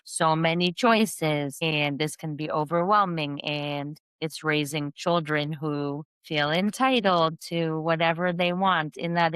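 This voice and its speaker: Low-voiced woman, smooth and dry. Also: a bit bright, dry recording. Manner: earnest, explanatory, measured. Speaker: guest parent coach and kindergarten teacher. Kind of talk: podcast interview.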